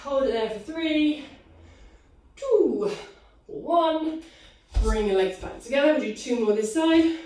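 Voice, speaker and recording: A woman's voice: high-pitched, animated, takes it slowly, long pauses, dark tone. Breathless woman counting pilates reps. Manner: counts reps aloud, upbeat encouraging cues. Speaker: pilates instructor. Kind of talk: live online fitness class cueing. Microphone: video call. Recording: echoey room, distant from mic.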